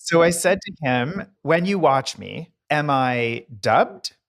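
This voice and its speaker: A man's voice: fairly high pitch, animated, takes it slowly, gravelly, fairly bright tone. A middle-aged man co-hosting a podcast, telling stories in a casual, talkative way. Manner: chatty raconteur, playful voice impressions. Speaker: podcast co-host, decorator. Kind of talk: casual chat.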